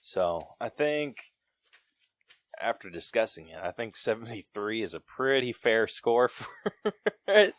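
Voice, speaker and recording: A man's voice: lowish voice, sing-song, measured pace. A man on a podcast chatting casually about a movie, laid-back and agreeable, hedging with fillers. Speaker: podcast co-host. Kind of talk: casual movie review chat.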